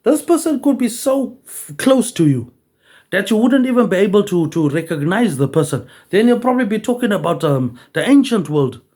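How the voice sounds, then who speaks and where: A man's voice: sits high, sing-song, normal speed, darkish tone. A man rambling on in a loose monologue, swearing freely and tagging almost every line with "mate".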